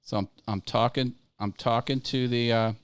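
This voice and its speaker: A man's voice: mid-range voice, fairly even intonation, moderate pace, smooth, dry recording. A man hosting a casual live stream about growing a video channel, upbeat and chatty, laughing easily and thanking viewers. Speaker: YouTube coaching livestream host.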